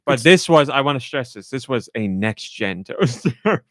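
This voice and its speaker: A man hosting a podcast in casual chat, telling a story and acting out his own reactions with lively energy. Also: medium pitch, moderate pace, dry recording, studio quality. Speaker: podcast host.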